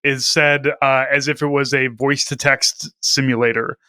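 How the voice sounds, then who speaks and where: A man's voice: medium pitch, level tone, moderate pace, sharp tone, smooth, no room sound. A man from St. Louis, a podcast co-host, chatting in a wry, conversational way. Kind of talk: casual chat.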